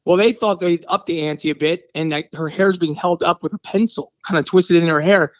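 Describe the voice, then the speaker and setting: A male actor guest tells an animated story on the radio, slipping into the voices of each scene. His voice sits fairly high. The sound is dull and lo-fi. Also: moderate pace. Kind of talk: radio interview.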